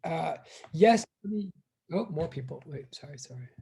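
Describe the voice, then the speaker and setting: A man's voice: a little high, expressive, normal speed, creaky, dark tone. A middle-aged male college teacher on a video call, chatting casually and rambling as he greets his students one by one. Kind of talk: casual online class greeting.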